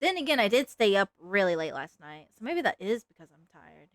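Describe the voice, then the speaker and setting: A woman's voice: medium pitch, sing-song, brisk, a bit bright, no echo. A woman streamer chatting casually while she draws, rambling along with lots of "like" fillers. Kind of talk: casual livestream chat while drawing.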